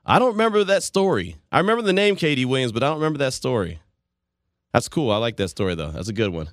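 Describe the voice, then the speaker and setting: A man hosting a sports radio show in a loose, rambling, chatty way. His voice sits at an ordinary pitch and sounds close and dry in the studio. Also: big pitch swings, fast talker, no room sound. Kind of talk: casual sports talk radio. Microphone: studio microphone.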